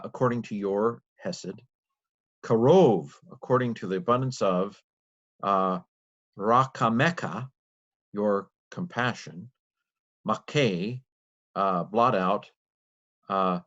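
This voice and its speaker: A man's voice: lowish voice, fairly even intonation, measured pace, fairly bright tone, highs cut off. A man giving an informal grammar lesson late at night, thinking aloud, with restarts and self-corrections and sounding tired. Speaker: Bible teacher.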